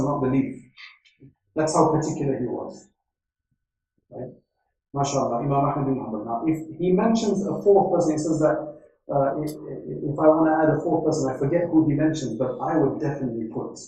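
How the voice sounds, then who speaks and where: A man's voice: on the high side, warm tone. A man giving an Islamic religious lecture, telling stories and quoting Arabic, often checking in with "right?". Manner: storytelling with Arabic quotations and frequent "right?". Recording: echoey hall, speaker far from mic.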